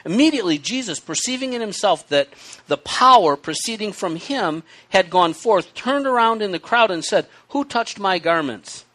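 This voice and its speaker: Man preaching, hiccups, high voice, very animated pitch, chatty teaching with asides. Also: moderate pace. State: has the hiccups. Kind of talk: sermon with scripture reading.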